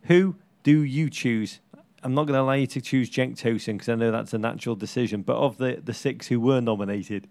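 Gravelly english guy cohosting a football pod, playful and teasing, middle-aged. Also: medium pitch, a little fast, a little mellow. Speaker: podcast co-host. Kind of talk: casual football chat.

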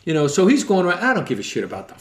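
A middle-aged man from the Boston area, telling rambling, profane sports stories in loose podcast chat. His voice sits a little high for a man, and he jumps into loud put-on voices as he tells them. It is a relaxed, jokey kind of talk. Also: rapid-fire. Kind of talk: casual sports talk storytelling.

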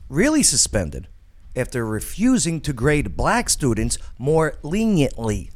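A man's voice: medium pitch, wildly swooping pitch, measured pace. A man hosting a casual talk show, jokey and rambling, often restarting his sentences.

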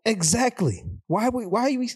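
A man co-hosting a podcast, animated and quick to laugh. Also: very high-pitched, breathy edge, no echo, clean studio sound. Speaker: podcast co-host. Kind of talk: casual chat.

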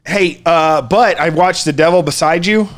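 Guy, 30s, podcast co-host; rambling, laughing storyteller, slightly higher voice. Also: moderate pace. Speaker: podcast co-host, bar owner. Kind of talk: casual chat.

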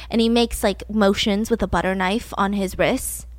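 A woman hosting a podcast, telling a true-crime story in a casual, animated way and laughing as she goes. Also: mid-range voice, brisk, hardly any pauses, dry recording. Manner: animated, laughs while telling, acts out quotes. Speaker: podcast host.

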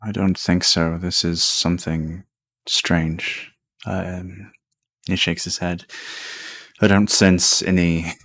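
A man's voice: deep voice, flat delivery, slow, a bit bright, no room sound. A man running a tabletop game as game master, describing a strange creature in a laid-back way and laughing often.

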